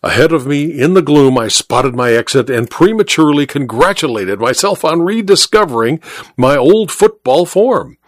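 A man reading a first-person story in a wry, measured way. His pitch moves a lot, giving an animated read. The recording is dry and close, with no room. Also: no room sound. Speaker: audiobook narrator.

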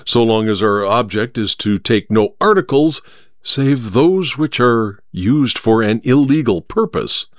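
A man's voice: mid-range voice, animated, unhurried, dry recording, studio quality, natural voice. A man reading an audiobook, voicing an anxious, earnest male companion who pleads with alarm. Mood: worried.

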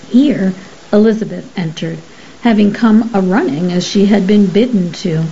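A woman narrating an audiobook in a measured, even storytelling manner. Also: mid-range voice, creaky, dull audio, slight background noise.

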